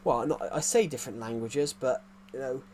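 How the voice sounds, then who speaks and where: A gaming streamer with a mid-range, slightly mellow voice chats casually with viewers at a normal speed while he plays. His talk is rambling and jokey, and he keeps restarting and correcting his sentences. A little hiss or hum sits under the audio.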